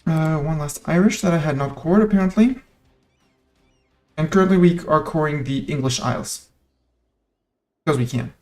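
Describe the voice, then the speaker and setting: Male streamer, chatty and playful, narrating his own moves live; a touch high-pitched, soft music behind. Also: moderate pace, pauses often. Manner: thinks aloud, playful, chats to in-game nations. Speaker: game streamer. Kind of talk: casual live gameplay commentary.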